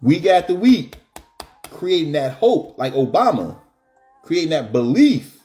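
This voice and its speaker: Animated man hosting a live stream. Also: on the high side, unhurried, soft background music. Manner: animated, joking, slangy. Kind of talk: casual chat.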